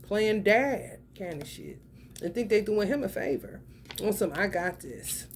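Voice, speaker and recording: A woman's voice: medium pitch, animated, unhurried. Brief: young woman, profane tarot reader, blunt and slangy, faint background hiss. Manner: blunt, profane, slangy, swings between loud and muttered. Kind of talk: casual spoken tarot reading.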